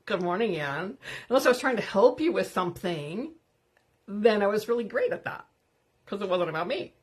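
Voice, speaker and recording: A woman's voice: medium pitch, expressive, moderate pace. A woman hosting an unscripted live stream, talking candidly and greeting viewers by name as she goes. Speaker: livestream host.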